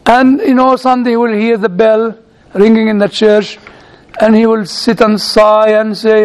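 A man with a strikingly high voice preaches a story-driven sermon. He halts and restarts often, repeating small words as he searches for phrasing. He drops in playful asides between the stories. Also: flat delivery, measured pace, clear, resonant tone. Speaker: priest.

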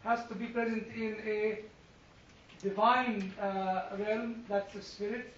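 High-voiced man teaching a Bible class. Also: takes it slowly, a little hiss or hum. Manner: animated, questioning, self-deprecating humor. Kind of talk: classroom discussion. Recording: far-off echoey room mic, slightly dull.

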